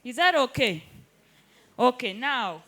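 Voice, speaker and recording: High-voiced, slow-paced woman trainer. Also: very animated, pushed and bright. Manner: interactive, keeps checking understanding with the group. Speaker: digital skills trainer. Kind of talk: live hands-on workshop teaching. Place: indoor training room with participants at tables.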